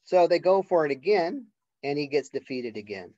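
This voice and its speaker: A male college literature professor giving a casual classroom lecture, conversational and acting out characters' lines in quick voices. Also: on the high side, animated, dark tone, no echo. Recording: dull lo-fi lecture recording.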